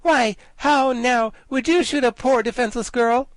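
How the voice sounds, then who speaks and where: A man reading an audiobook, voicing a fierce young female rebel general in a high, commanding voice. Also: normal speed, fairly bright tone, dry recording. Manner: commanding, shrill and impatient.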